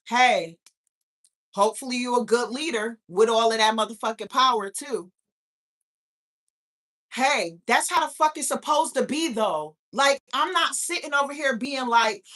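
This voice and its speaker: A woman hosting a live talk stream launches into a casual rant, profane and incredulous, firing off one rhetorical question after another. Her voice is on the high side, unhurried, with a fairly bright tone.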